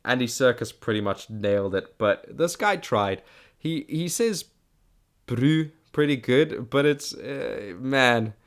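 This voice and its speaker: A man's voice: mid-range voice, animated, unhurried. A South African man hosting his own podcast, giving a rambling, chatty solo movie review and often restarting his sentences. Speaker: podcast host.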